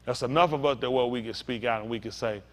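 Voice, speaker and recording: A male pastor delivers a sermon in a conversational, storytelling style, speaking directly to his congregation. He talks fast, with a mid-range, fairly bright voice.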